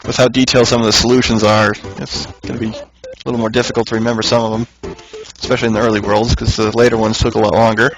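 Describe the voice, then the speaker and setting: A man giving relaxed commentary on a puzzle game, thinking aloud and chuckling now and then. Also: fairly low pitch, fast talker, poor audio. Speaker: let's play commentator. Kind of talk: casual gameplay commentary. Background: game music.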